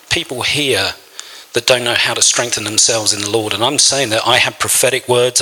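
A man's voice: medium pitch, sharp tone, long reverb tail, poor audio. A man preaching a sermon, telling a personal story in an earnest, emotional way. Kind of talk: sermon testimony.

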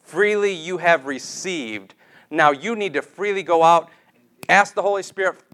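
A man's voice: high-pitched, unhurried, a bit bright. A man preaching a sermon, telling a personal story and leading a prayer in an earnest, pleading way.

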